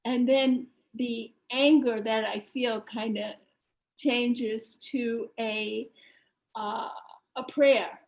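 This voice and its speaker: A woman speaks slowly and haltingly, circling back on herself with frequent fillers as she shares in a workshop. Her voice sits a little high. The audio is dull and lo-fi, like a video call. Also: fairly even intonation. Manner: hesitant, many fillers and restarts. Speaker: workshop participant. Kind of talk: halting personal sharing.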